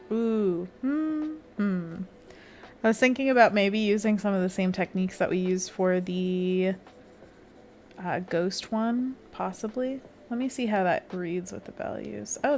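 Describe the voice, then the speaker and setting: A woman's voice: mid-range voice, a little mellow, a little hiss or hum. A woman hosting a casual art livestream, chatting and giggling as she reads chat aloud and talks to herself while she draws.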